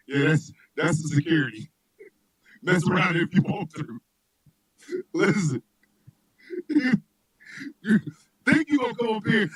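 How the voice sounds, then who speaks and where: A man who is a comedian and radio host, joking loudly in animated casual chat, often shouting and laughing. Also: fairly high pitch, a little slow, long pauses, husky, no echo, low-quality recording.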